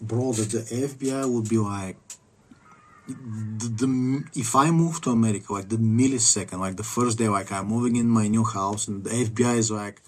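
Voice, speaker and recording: A man's voice: lowish voice, moderate pace. A man ranting in a casual vlog, rambling with many fillers and restarts. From Bulgaria. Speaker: vlogger.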